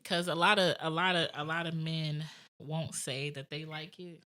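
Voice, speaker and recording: A woman's voice: sits low, fairly even intonation, normal speed, sharp tone. A woman talking frankly in a casual podcast chat, matter-of-fact, laughing often.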